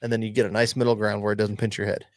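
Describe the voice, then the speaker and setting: A man's voice: on the low side, little pitch movement, racing, no room sound. A man co-hosting a podcast, chatting casually, swearing freely and teasing his friends. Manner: profane, teasing. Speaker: podcast co-host. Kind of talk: casual banter.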